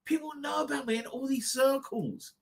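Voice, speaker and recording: A man's voice: very high-pitched, normal speed, vocal fry. A man hosting a live stream, rambling crudely and laughing often between his own remarks.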